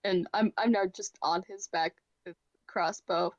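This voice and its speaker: A woman's voice: medium pitch, fairly even intonation, a little slow, dry recording, lo-fi sound. A woman playing a tabletop game, talking in a playful, eager way. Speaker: player. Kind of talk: casual tabletop play. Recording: faint background noise.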